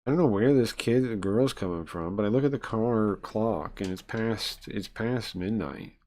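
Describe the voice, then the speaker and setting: Low-voiced male streamer, casual and rambling, reads game text aloud between asides. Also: normal speed, darkish tone. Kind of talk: casual live-stream chat and read-aloud.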